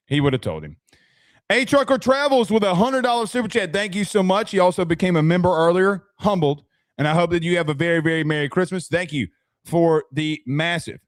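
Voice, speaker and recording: A man's voice: fairly high pitch, dry recording, clean studio sound. A young man hosting a casual sports talk stream, chatty, thanking viewers and often restarting his sentences. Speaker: sports podcast host.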